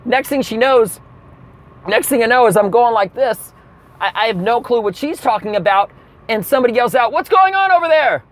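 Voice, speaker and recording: A man's voice: very high voice, moderate pace. A man telling a comedic rant from his car, acting out the people in his story. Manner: animated storytelling with acted-out quotes.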